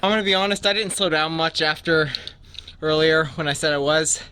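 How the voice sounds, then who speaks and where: High-voiced young man vlogging on a run. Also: a little fast, bright, forceful tone. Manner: chatty, talks while jogging outdoors. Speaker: vlogger training for a marathon. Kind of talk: casual running vlog. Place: outdoors on roads while running. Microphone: handheld camera while running. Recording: faint outdoor noise with wind.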